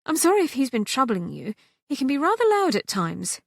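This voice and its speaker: A breezy young heiress , voiced by a woman narrator, brisk and teasing, with a slightly high voice. The reading is dry and close. She is kind and quick. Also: very animated, gravelly, dry recording, heavily acted.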